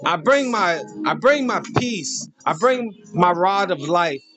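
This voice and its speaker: A man hosting a crude, mocking comedic rant to camera. He laughs at his own jokes and swings between high outbursts and a slow, low drawl. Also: lively intonation, highs cut off, over music. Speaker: host.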